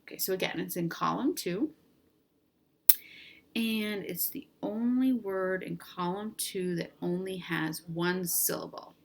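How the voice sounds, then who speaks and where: Woman teacher, low voice with vocal fry, slow and clear drilling pace for a remote reading class. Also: fairly even intonation, slight background noise. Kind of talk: online reading lesson.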